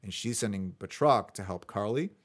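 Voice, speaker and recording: A man's voice: fairly low pitch, animated, normal speed. A man hosting a casual podcast, running through his notes in a chatty way with fillers. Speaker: podcast host.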